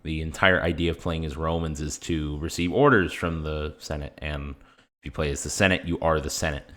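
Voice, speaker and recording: A man's voice: rumbling low, fairly bright tone. A man casually commenting on his strategy game as he plays, chatty and explanatory, with frequent fillers. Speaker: gaming channel host.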